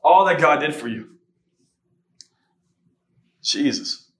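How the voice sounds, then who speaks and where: A man's voice: a little high, expressive, slow, fairly bright tone. A man hosting a podcast, preaching a casual spoken sermon with fervor, tossing in "man", "right?" and "come on". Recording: very echoey room, mic far off.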